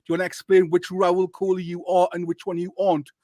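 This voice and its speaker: A man's voice: high-pitched, monotone, fast, darkish tone, dry recording, clean studio sound. A man hosting a casual football podcast, bantering and swearing freely. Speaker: podcast host.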